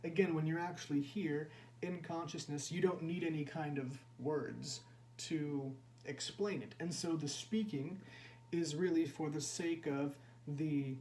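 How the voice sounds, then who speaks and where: A man giving a contemplative spiritual discourse as a teacher, unhurried and repeating key phrases for emphasis. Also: a little high, steady tone, darkish tone, a little hiss or hum.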